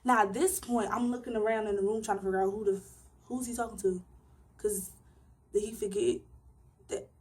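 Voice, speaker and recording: Young woman, casual storytime vlog, animated emphatic delivery, everyday pitch. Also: fairly quick, pauses often. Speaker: vlogger.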